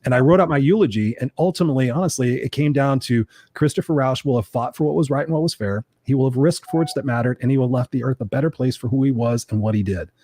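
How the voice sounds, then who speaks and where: Fast-talking man telling his story. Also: medium pitch. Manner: fast, animated, swears casually. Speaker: coaching guest. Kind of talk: candid storytelling interview.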